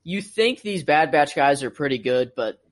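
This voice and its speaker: A man's voice: a little high, lively intonation, moderate pace. A man in casual chat who muses hesitantly, with lots of filler words. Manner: hesitant, musing, many fillers. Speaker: podcast co-host.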